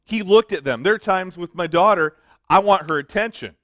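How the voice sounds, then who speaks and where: A man's voice: high voice, normal speed, fairly bright tone, dry recording. A middle-aged man preaching a sermon as a youth pastor, mixing emphatic points with self-joking stories. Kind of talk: sermon with storytelling.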